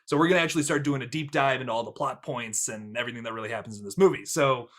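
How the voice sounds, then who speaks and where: A man's voice: medium pitch, racing. A man hosting a casual movie review podcast, rambling, laughing often and wandering into tangents. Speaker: podcast host.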